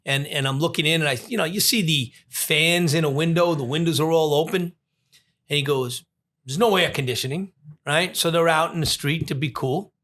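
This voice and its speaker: A man, a police commissioner telling a story as a podcast guest, animated and full of restarts. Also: a little high, moderate pace. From Long Island, New York. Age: 60s. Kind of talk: storytelling in an interview.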